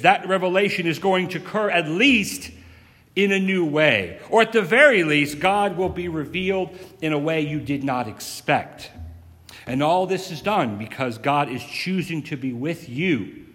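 A pastor giving a sermon in a measured preaching style, with pauses and rhetorical questions. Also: male voice, fairly high pitch, fairly bright tone. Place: church sanctuary. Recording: reverberant sanctuary.

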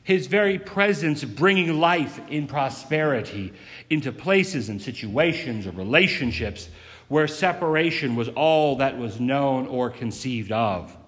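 A pastor giving a sermon in a measured preaching style, with pauses and rhetorical questions. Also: male voice, mid-range voice, animated, a bit bright. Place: church sanctuary. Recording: reverberant sanctuary.

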